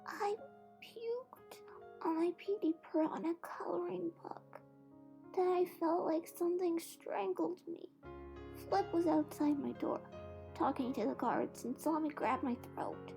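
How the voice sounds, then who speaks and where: A tiny, very high, croaky boy monster in a storybook reading, weak and plaintive, dragging each slow word out. A faint music bed plays beneath. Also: mellow, heavily acted. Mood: tearful. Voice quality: croaky, muffled. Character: small sick boy turtle prince, weak and whiny.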